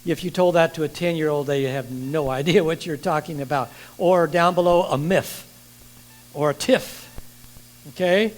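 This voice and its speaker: An older man preaching a sermon in a church, lively and asking the congregation questions. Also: a little high, normal speed, low-quality recording.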